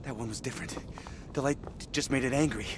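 A man's voice: medium pitch, fast, noisy background, natural voice. An actor playing a troubled male video game hero who mutters to himself.

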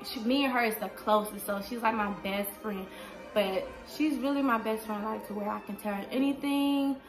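Seorang wanita berusia dua puluhan menjawab pertanyaan penonton dengan santai di rumah, sering memakai "like" dan "um". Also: female voice, on the high side, normal speed, music in the background. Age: 20s. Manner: chatty, fills with "like" and "um". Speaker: vlogger. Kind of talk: casual Q&A vlog. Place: indoors at home.

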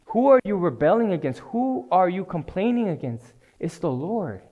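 A male preacher with a fairly high voice delivers a sermon. He is earnest, circles back to the same phrases, and presses his listeners with direct questions. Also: very animated, normal speed, phone-quality sound. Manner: earnest, repeats phrases and asks pointed questions.

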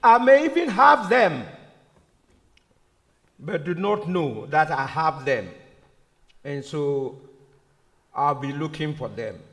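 A man delivers a sermon in a high voice that rises and falls freely, taking his time and repeating key phrases. He often puts rhetorical questions to his listeners. The sound carries the long reverb of a church hall. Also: animated, slow pace, pauses often, fairly bright tone. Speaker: preacher.

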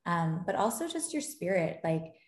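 A woman's voice: on the low side, moderate pace. A woman who founded a gaming company, a guest chatting casually in an interview and telling stories with animation and frequent laughter. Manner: animated storyteller, laughs often. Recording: roomy echo.

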